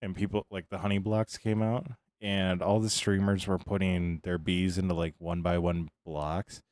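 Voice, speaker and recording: A man with a very low voice talks easily to his live chat, greeting viewers one by one. He sounds tired but friendly and unhurried. The sound is dry and close, with no room echo. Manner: relaxed, chatty, greets chat by name. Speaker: streamer. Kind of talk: casual live-stream chat.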